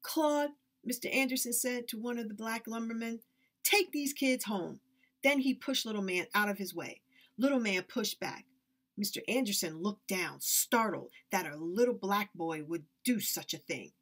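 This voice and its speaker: A woman reads a children's story aloud, with lively, expressive narration. Her pitch sits in the middle range for a woman. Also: moderate pace. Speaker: reader.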